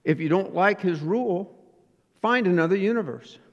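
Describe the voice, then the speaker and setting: A man imitating an older, blunt Southern Baptist preacher with a slow Southern US drawl. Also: high voice, muffled recording, pitched above the performer's own voice. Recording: reverberant hall.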